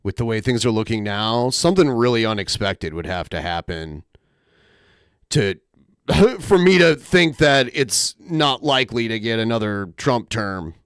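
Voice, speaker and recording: A male host reacts casually with dry, mocking asides, his pitch swinging widely. He talks slowly and unhurriedly, in a close, dry sound. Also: expressive, a bit bright, clear, resonant tone, no room sound. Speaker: show host.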